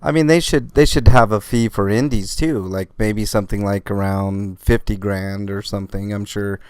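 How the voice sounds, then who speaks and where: A man's voice: on the low side, fairly even intonation, moderate pace, a little mellow, clear, resonant tone, dry recording, studio quality. A man hosting a casual live-streamed podcast, rambling with lots of fillers and hiccuping as he talks. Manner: rambling, filler-heavy, laid-back. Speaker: podcast host.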